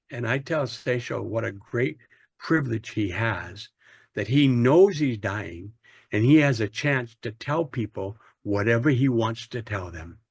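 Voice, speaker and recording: A man's voice: fairly low pitch, unhurried, vocal fry, husky, dry recording. A middle-aged man from the United States, a church planter being interviewed, telling a personal story in an earnest, plain-spoken way with frequent restarts.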